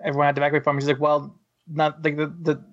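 A man with a gravelly, slightly raised voice makes quick, wry jokes in a casual chat. His mic sounds dull and muffled, and he laughs often between lines. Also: on the high side, completely flat delivery. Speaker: podcast co-host.

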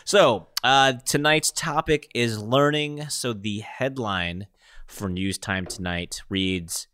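A man's voice: lowish voice, slow pace, pushed and bright, smooth, dry recording, studio quality. A man co-hosting a casual chat show who reads news items aloud in a jokey way and laughs as he goes. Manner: jokey, laughs while reading, mangles names on purpose. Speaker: podcast co-host.

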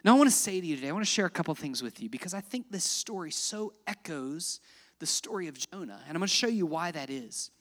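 A man preaching a sermon, swinging dramatically between loud emphatic lines and hushed, quiet ones. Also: on the high side, lively intonation, fast talker, big-room sound. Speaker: pastor.

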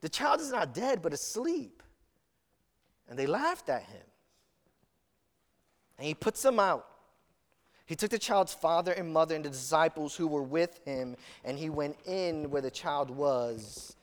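A man's voice: on the high side, lively intonation, measured pace, pauses often, big-room sound. A man preaching a sermon as pastor, telling stories earnestly with frequent restarts.

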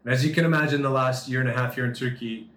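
A man's voice: medium pitch, steady tone, fast, a bit bright, roomy sound. A man preaching a sermon, telling a story with earnest emphasis and acted-out dialogue. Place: Turkey.

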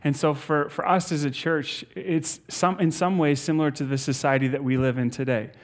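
An upbeat male pastor delivering a relaxed, playful sermon. His voice sits a little high for a man, and he moves easily between teaching and light banter, often breaking into laughter. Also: normal speed.

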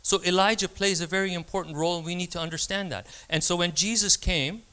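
A man's voice: sits high, quick pace, clean tone. A man preaching a sermon, reading scripture expressively and telling a personal story. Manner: expressive, dramatizing quoted voices.

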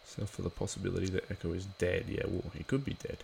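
A man's voice: low-pitched, steady tone, fast, gravelly, a little mellow, slight background noise. A man giving a casual watch-along commentary of an episode, chatty and rambling with lots of filler words.

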